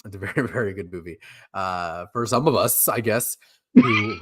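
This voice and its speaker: A man's voice: fairly low pitch, normal speed, fairly bright tone. A man co-hosting a casual movie ranking podcast, laughing often and hesitating with ums. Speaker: podcast co-host.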